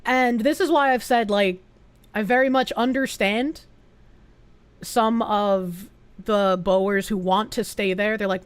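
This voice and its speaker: A woman's voice: mid-range voice, fairly even intonation, takes it slowly, clear, resonant tone. A woman streamer giving casual, earnest reaction commentary and swearing now and then.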